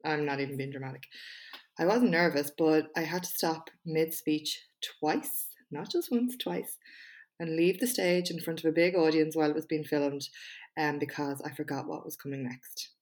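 A young woman hosts her own solo podcast with a notably low speaking voice. She is candid and self-deprecating in conversation and reads her own speech with punchy, emphatic delivery. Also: moderate pace, a little mellow. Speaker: podcast host and small business owner.

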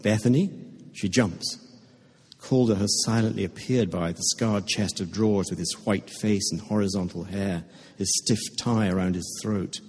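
A man reading a story aloud to a live audience, in a measured, understated way. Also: lowish voice, a little mellow, husky. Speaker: reader at a literary reading. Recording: echoey hall with long reverb.

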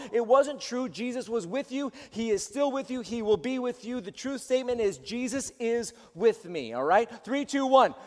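Pastor, male, high voice, earnest and exhorting, recorded in a church hall with a long reverb tail. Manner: earnest, rising to loud exhortation with frequent restarts. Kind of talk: sermon to a live-streamed congregation.

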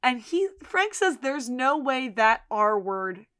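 A woman's voice: high-pitched, sing-song, slow, fairly bright tone, clear, resonant tone. A woman co-hosting a podcast, casually retelling a TV episode's plot and quoting its characters, with frequent laughs. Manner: narrates plot, quotes characters, laughs often. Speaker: podcast co-host. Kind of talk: casual recap chat.

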